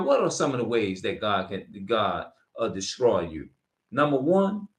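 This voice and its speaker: A man preaching informally to camera, reading verses and repeating his points with heavy profanity. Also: medium pitch. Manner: emphatic, profane, repeats himself. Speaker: street preacher.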